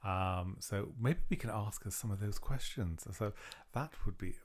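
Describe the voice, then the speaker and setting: A man with a lowish voice hosts a podcast in loose, casual chat. He rambles and keeps circling back with fillers. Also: measured pace. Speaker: podcast host.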